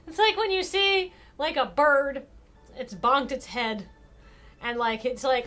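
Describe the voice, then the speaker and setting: A young adult woman doing live game-stream commentary, excitable, with loud outbursts and free swearing. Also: sits high, normal speed, soft background music.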